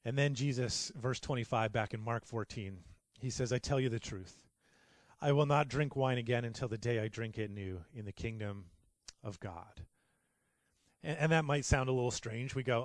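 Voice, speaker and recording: A middle-aged male pastor giving a sermon, building to loud, passionate peaks and falling back to a soft, quiet delivery. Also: moderate pace, no echo, clean studio sound. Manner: builds to loud, high-pitched passion, then drops to soft.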